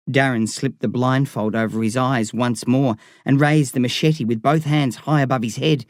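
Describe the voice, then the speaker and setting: A man reading a novel aloud in measured, vivid scripted narration. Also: medium pitch, steady tone, no room sound, clean studio sound. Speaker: audiobook reader.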